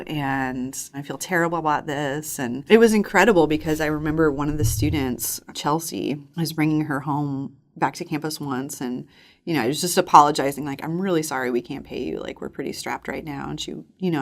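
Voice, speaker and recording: A woman in her thirties telling a personal faith story in an earnest, reflective way as a podcast guest. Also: low voice. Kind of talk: personal testimony in conversation.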